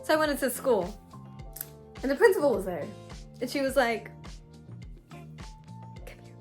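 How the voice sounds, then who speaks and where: A woman's voice: sits high, brisk, soft background music. Slangy young woman telling a story. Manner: slangy, animated, dramatic swings in loudness. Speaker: vlogger. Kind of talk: story time.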